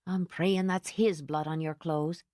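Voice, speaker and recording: A woman's voice: deep voice, steady tone, unhurried, dark tone, dry recording, studio quality. A woman reading an audiobook, voicing a fierce, protective older housekeeper who talks indignantly and fusses. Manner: indignant, fussing.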